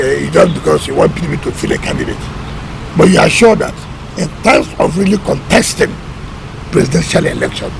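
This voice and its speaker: Minister, middle-aged man, high gravelly voice, combative and emphatic in interview. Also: background noise. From Nigeria. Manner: emphatic, combative, repeats words. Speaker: government minister. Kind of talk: press interview.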